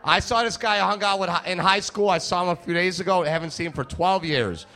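Brash, bright-voiced stand-up comedian. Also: male voice, sits high, fast. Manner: brash, crude, playful crowd work.

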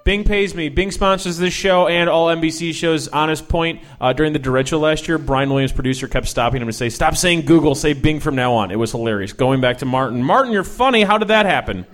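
A man's voice: fairly high pitch, lively intonation, fairly bright tone. Teasing male talk show host. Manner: teasing, rapid-fire questions. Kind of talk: teasing interview.

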